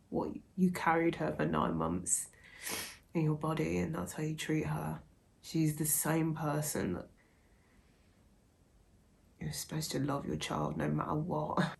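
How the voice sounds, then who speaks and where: Low gravelly-voiced young woman book vlogger. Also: a little slow, pauses often. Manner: soft-spoken, musing, often hushed. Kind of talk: casual reading vlog.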